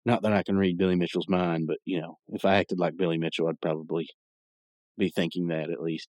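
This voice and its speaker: A man's voice: deep voice, level tone, a little fast, darkish tone, no echo. A man hosting a podcast, giving a rambling, chatty recap of a cartoon episode with frequent restarts. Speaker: podcast host.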